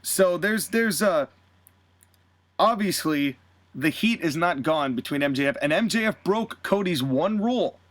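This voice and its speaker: A male podcast host tells a wrestling storyline in a casual, animated way. His voice sits slightly high and the sound is dry and close. He jumps into scenes with gusto. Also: unhurried, no echo. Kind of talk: casual recap of fantasy wrestling booking.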